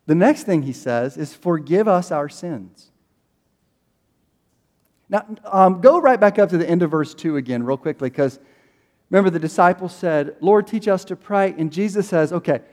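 A male pastor with a high voice preaches in a loose, conversational way, slipping into voices for prayers and quotes. His voice rings with the long reverb of a big room. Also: lively intonation, moderate pace, darkish tone. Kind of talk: sermon.

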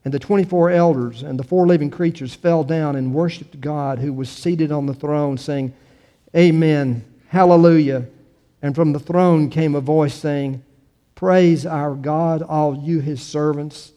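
A pastor giving a sermon, reading scripture with emphatic rises and then talking to the congregation with easy fillers. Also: male voice, fairly high pitch, mellow, big-room sound.

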